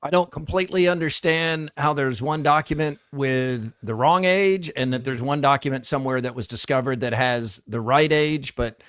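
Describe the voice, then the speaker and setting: Matter-of-fact radio co-host, dry mic. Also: male voice, medium pitch, moderate pace, few pauses, a bit bright, clear, resonant tone, no room sound. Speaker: radio talk show co-host. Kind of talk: sports talk radio commentary. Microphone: studio microphone.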